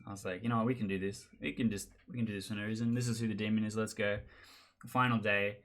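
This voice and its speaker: A man with a fairly low voice tells stories from tabletop games in a relaxed, chatty monologue. He keeps it animated and acts out the other players' lines as he goes. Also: quick pace. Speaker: board game channel host. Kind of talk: casual storytelling monologue.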